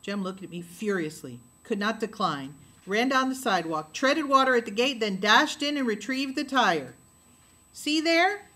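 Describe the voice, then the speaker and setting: A woman narrating a novel aloud in a steady storytelling voice. Her tone is bright and forward, with a middle pitch. She lowers her voice for the dialogue tags. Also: moderate pace, few pauses. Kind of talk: audiobook reading of a novel.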